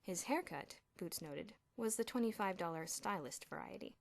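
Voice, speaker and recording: A woman reading a children's novel aloud as an audiobook, with an expressive delivery. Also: on the low side, moderate pace, gravelly. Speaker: audiobook reader. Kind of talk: audiobook narration.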